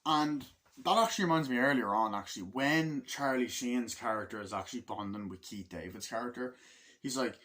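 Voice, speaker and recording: A man's voice: medium pitch, fairly quick, a bit bright. Rambling, cussing man reviewing a film. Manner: rambling, filler-heavy, swears often, acts out film lines. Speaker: movie reviewer. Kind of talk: casual spoken film review.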